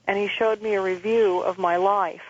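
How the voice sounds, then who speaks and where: A woman calling in as a radio show guest, giving an earnest, halting personal testimony with frequent restarts. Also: mid-range voice, fairly even intonation. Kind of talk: personal testimony over the phone. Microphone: telephone. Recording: muffled phone line.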